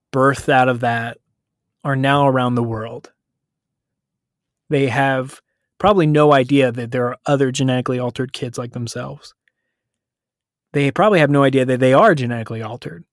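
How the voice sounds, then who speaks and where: A man's voice: mid-range voice, dry recording, studio quality. A man hosting a podcast, casually retelling a story in a loose, conversational way. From United States. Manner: conversational, loose, self-correcting retelling with quick paraphrased quotes.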